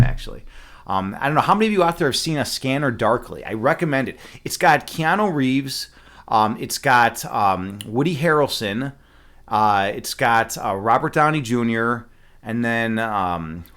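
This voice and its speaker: Male streamer, mid-pitched, rambly and filler-heavy, chatting with viewers. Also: fairly bright tone. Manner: rambling, many fillers and restarts; laughs at his own jokes. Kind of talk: casual chat with live chat.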